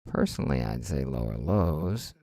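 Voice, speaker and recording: A man's voice: extremely low pitch, big pitch swings, moderate pace, vocal fry, warm tone, no echo. A man streaming his day trading live, talking to himself, muttering and swearing under his breath in frustration.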